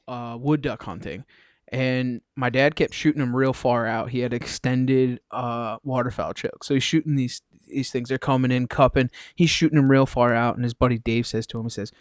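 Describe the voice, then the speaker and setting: A man hosts a casual podcast in a middle-pitched voice. He tells stories with animated energy and plenty of slang. The sound is close and dry. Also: normal speed, smooth, dry recording. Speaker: podcast host. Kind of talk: casual storytelling chat.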